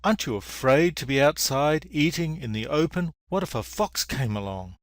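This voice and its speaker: A man's voice: a little high, animated, normal speed, dry recording, clean studio sound, voice pushed up, natural voice. A man voicing a timid young bunny in a told fable, worried and questioning.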